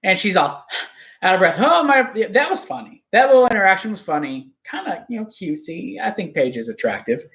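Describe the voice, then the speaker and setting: A man's voice: sits high, very animated, fairly quick, fairly bright tone, lo-fi sound. A man hosting a wrestling review show, rambling and teasing his co-host in casual chat.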